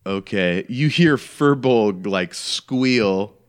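A man with a low, deep voice narrates as game master in a tabletop role-playing session. He talks casually, rambling and leaning on "like" as he sets each scene. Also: expressive, drawn-out words, clean tone. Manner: casual, rambling, heavy use of "like".

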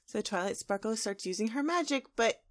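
A woman co-hosting a casual podcast, recapping a cartoon episode in an animated way. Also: fairly high pitch. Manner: animated, slips into quick character voices. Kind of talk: casual chat.

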